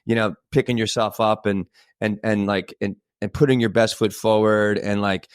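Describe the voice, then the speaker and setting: A man's voice: fairly low pitch, little pitch movement, normal speed, clear, resonant tone, dry recording, studio quality. A tired man co-hosting a podcast, talking in a frustrated, rambling way full of fillers. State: tired, short on sleep. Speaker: podcast co-host. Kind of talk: podcast conversation.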